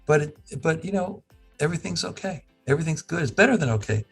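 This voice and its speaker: A man with a gravelly, husky voice tells a lively story in conversation. He acts out the people in it and often circles back to restart a phrase. Faint music plays underneath. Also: on the high side, fast. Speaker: medical school professor and institute founder. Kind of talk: animated storytelling talk.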